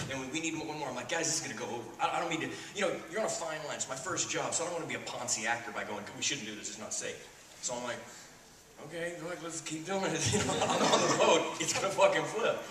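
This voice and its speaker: Man from Texas, animated profane raconteur; slightly high voice, distant noisy recording. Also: very fast. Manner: animated, profane, laughing storyteller. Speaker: panel guest actor. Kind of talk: convention Q&A storytelling. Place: convention panel room. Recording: echoey hall, distant mic, noisy.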